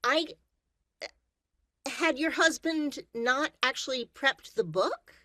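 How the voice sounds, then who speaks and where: A woman audiobook narrator in a panel discussion, speaking in a halting, thoughtful way. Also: high-pitched, sharp tone, no room sound.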